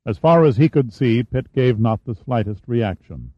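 A man narrates a thriller in a steady, measured storytelling voice. The recording is dry and close, with a slightly dull, muffled top end. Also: no echo. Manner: even storytelling, shifts pitch for dialogue. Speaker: audiobook narrator. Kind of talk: scripted narration with character voices.

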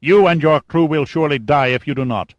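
A man's voice: a little high, fairly quick, dry recording, lo-fi sound, pitched above the performer's own voice, lightly acted. A man voicing a cold, commanding military general in an audiobook, speaking in a clipped, threatening way. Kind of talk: audiobook character voice.

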